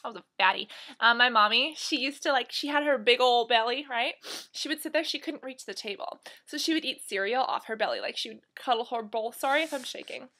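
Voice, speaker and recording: Young woman, 19, bright forceful voice, a bit high, rambling vlog chat with lots of "um" and "like". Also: a little fast. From United States. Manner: chatty and rambling, many fillers like "um" and "like". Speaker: beauty vlogger. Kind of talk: casual chat to camera. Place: at home, near the kitchen.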